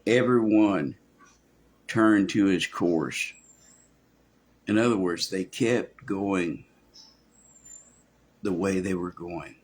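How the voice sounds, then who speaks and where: A man's voice: sits low, drawn-out words, pauses often. A man preaching a verse-by-verse sermon in a folksy way, acting out quoted voices, with many restarts. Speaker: pastor. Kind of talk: expository sermon.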